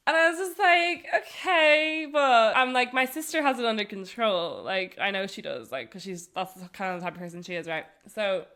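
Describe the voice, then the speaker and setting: A woman telling a travel story on a podcast, animated and full of laughter. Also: medium pitch, moderate pace, hardly any pauses. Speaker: podcast co-host. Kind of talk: casual storytelling chat.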